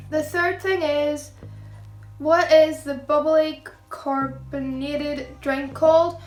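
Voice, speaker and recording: A woman's voice: high voice, fairly even intonation, a little slow. A young woman with a Northern Irish accent, chatting casually to camera as a vlogger. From Northern Ireland. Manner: chatty, many fillers. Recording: echoey room with faint music.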